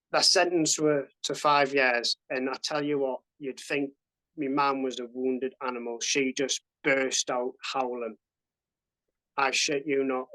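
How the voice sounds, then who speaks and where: A man's voice: medium pitch, pushed and bright, rough recording. Swearing man telling a story. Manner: swears freely, acts out quoted dialogue in a raised voice. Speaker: podcast guest, army veteran. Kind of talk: casual storytelling.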